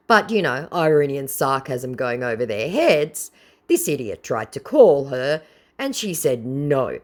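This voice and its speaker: A woman with a low voice that moves lively through its range, narrating a chat story. She comments in a sarcastic, mocking way. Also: measured pace. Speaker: channel host. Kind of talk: reading a chat story aloud.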